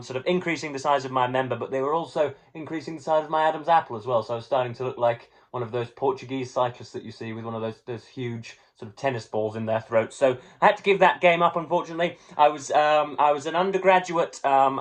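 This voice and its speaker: A young man talks casually to camera about the books on his shelf. He is wordy and playfully pompous, reaching for grand words and stumbling through ums and restarts. His voice sits at a middling pitch. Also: fast talker, hardly any pauses. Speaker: book vlogger.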